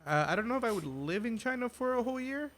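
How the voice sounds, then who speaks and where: A man co-hosting a podcast in casual chat, easygoing and halting, full of fillers. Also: very high-pitched, expressive, a bit bright. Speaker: podcast co-host.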